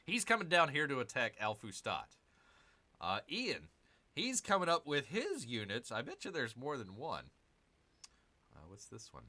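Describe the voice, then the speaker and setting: Man, gaming host, casual strategy game commentary, rambling asides, animated, bright tone. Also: mid-range voice, measured pace, pauses often. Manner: rambling, self-correcting, jokey asides to viewers.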